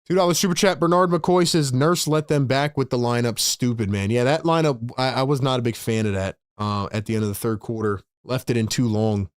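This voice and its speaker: A man hosting a fan livestream, giving excitable play-by-play and talking to his chat, with sudden loud bursts of hype. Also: mid-range voice, brisk, hardly any pauses, clean tone, no room sound, studio quality.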